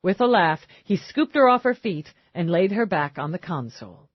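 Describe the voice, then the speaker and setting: Woman reading an audiobook, expressive, dry close sound. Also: lowish voice, normal speed, husky, no room sound, highs cut off. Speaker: audiobook narrator. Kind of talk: scripted narration.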